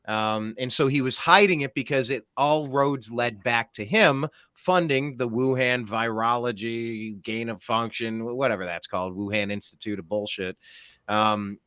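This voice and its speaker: A man's voice: medium pitch, pushed and bright, no echo, studio quality. A man hosting a political talk show, ranting in an emphatic, sarcastic way. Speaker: host.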